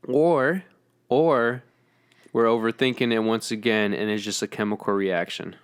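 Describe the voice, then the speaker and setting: Blunt young man with a smooth voice. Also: fairly low pitch, fairly even intonation, a little slow, dry recording. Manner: blunt, joking, swears. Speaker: podcast co-host. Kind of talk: casual chat.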